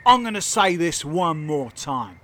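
A man playing a cocky, cheeky highwayman telling his story in a comedy sketch. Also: sing-song, measured pace, fairly bright tone, a little hiss or hum. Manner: boastful, cheeky. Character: cocky roguish male highwayman.

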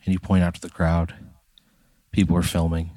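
Deep-voiced man spinning a dramatic tale. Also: monotone, moderate pace, mellow, no room sound, studio quality. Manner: spins a dramatic second-person hypothetical. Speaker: podcast co-host. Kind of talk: comic storytelling.

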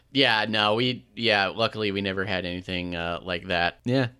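Bright, clear-voiced man recapping casually. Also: on the low side, fairly even intonation, a little slow. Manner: laid-back, many fillers and restarts, laughs often. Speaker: podcast co-host. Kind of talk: casual chat recapping a show.

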